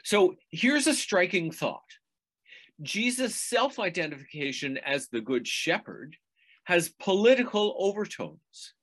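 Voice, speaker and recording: A man preaching a sermon in a measured teaching tone, now and then asking the listeners rhetorical questions. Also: on the high side, fairly bright tone.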